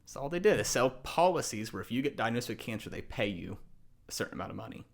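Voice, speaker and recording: A young man in his twenties, a podcast guest, telling a casual story with animated quoted voices and frequent laughter. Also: mid-range voice, quick pace, creaky.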